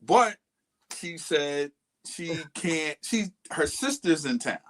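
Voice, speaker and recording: A man's voice: fairly high pitch, animated, takes it slowly, a bit bright. A man co-hosting a podcast, casually and animatedly retelling a friend's dating story with quoted lines. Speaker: podcast co-host.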